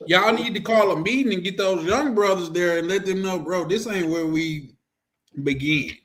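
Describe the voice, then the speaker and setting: A man's voice: high voice, normal speed, fairly bright tone. A man hosting a casual group chat, playful and teasing, often laughing. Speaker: host.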